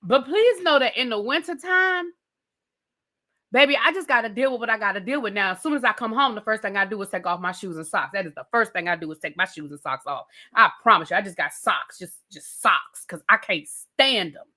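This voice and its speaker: A woman's voice: mid-range voice, expressive, brisk, sharp tone. A woman, ranting bluntly and casually about a TV show she reviews, swearing freely.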